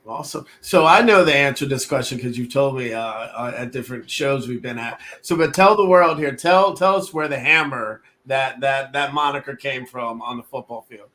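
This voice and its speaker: A man hosting an interview, asking questions in a halting way with many restarts. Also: mid-range voice, bright, forceful tone. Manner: stumbling, repeats words while asking questions. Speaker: host. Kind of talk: casual interview.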